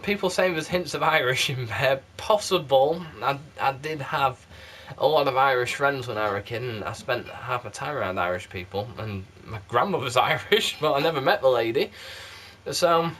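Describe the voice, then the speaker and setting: A man with a muddled South Yorkshire accent chats straight to camera, rambling and poking fun at himself. His voice sits at an everyday middle pitch. He is picked up by a games console camera mic. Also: expressive, normal speed, a bit bright. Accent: mixed South Yorkshire English. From South Yorkshire, England. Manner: rambling, chatty, self-deprecating. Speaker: YouTube candle reviewer. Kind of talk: casual chat to camera. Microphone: PlayStation camera mic.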